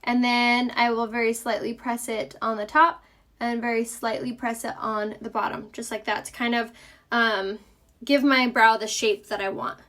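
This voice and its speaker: A young woman with a light Southern US accent talks through a makeup tutorial in a slightly high, bright-pitched voice. She sounds chatty and upbeat, and she breaks off often to answer viewers' questions in a relaxed, friendly way. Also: normal speed. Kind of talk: casual live makeup tutorial.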